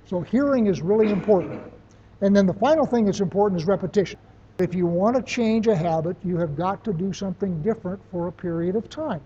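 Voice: mid-range voice, brisk, warm tone, dull audio, a little hiss or hum. A teacher giving a classroom lecture, talking plainly and using everyday examples.

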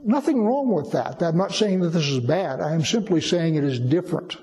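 A man's voice: a little high, lively intonation, normal speed, darkish tone, big-room sound, slight background noise, rough recording. A man giving a sermon, explaining and teaching with emphatic repetition. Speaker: preacher.

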